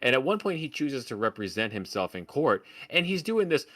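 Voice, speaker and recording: A man's voice: mid-range voice, sing-song, a little fast, fairly bright tone. A man co-hosting a podcast, ranting about a film in casual, profane, sarcastic talk. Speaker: podcast co-host. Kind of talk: casual film review chat.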